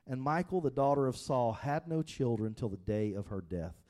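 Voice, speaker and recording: A man's voice: mid-range voice, animated, moderate pace, mellow. A male pastor giving a casual, conversational sermon, speaking straight to his congregation. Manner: conversational, with frequent fillers and restarts, addresses congregation directly.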